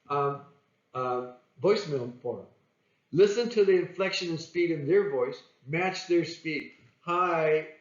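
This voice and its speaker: A man teaching sales in a plain-spoken way, acting out phone calls as he goes. His voice sits a little high. The sound is echoey and dull, like a lo-fi room recording. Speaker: sales trainer. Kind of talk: sales coaching talk.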